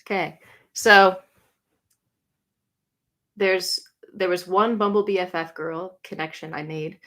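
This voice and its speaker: Chatty young woman on a livestream. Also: lowish voice. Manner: chatty, lots of "like", quick bright greetings. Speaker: YouTuber answering livestream comments. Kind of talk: casual livestream chat. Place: home room.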